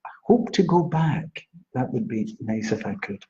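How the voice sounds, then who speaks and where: A man's voice: medium pitch, lively intonation, moderate pace, warm tone. A man hosting a live stream as a psychic astrologer, greeting viewers by name in a chatty way and giving card readings. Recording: dull lo-fi live-stream audio.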